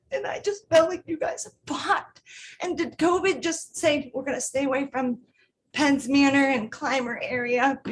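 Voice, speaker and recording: A woman's voice: high-pitched, slight background noise. A woman in her thirties, a parent giving public comment at a school board meeting, pleading earnestly and emotionally with her voice catching in tears.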